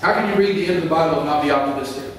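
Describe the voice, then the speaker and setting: A man's voice: on the high side, racing, a little hiss or hum. A man preaching a sermon as pastor, talking conversationally and building to impassioned emphasis. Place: church sanctuary. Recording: echoey church hall, mic far off.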